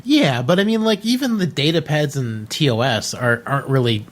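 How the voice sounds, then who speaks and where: A man's voice: medium pitch, lively intonation, moderate pace. A man co-hosting a casual book-club podcast, throwing in joking, wisecracking asides. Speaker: podcast co-host.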